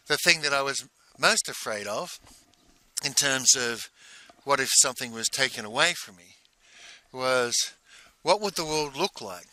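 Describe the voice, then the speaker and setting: A man coaching in a monologue, telling a personal story in a halting way and repeating phrases for emphasis. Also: medium pitch, sharp tone. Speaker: business coach.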